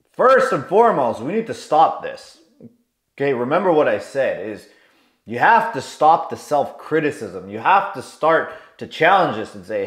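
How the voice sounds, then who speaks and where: A man coaching listeners in a motivational self-help talk, earnest and explaining, acting out inner voices. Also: fairly high pitch. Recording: roomy echo.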